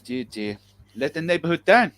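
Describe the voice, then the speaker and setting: A man's voice: fairly high pitch, very animated, normal speed, a bit bright. A man in a casual group chat on a call, blunt and joking, swearing freely. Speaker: chat participant.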